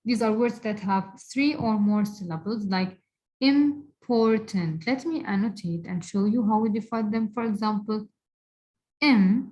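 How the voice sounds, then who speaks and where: Woman teacher, Arabic native speaker, unhurried and deliberate, repeats words for emphasis. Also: mid-range voice, dark tone, lo-fi sound. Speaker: English teacher. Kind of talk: recorded grammar lesson.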